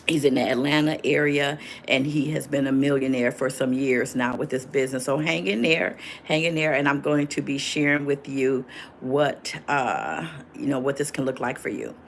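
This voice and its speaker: A woman's voice: very deep voice, moderate pace, creaky, a little hiss or hum. An older woman in her sixties, chatting casually on a livestream as host, reading viewers' comments aloud and answering them.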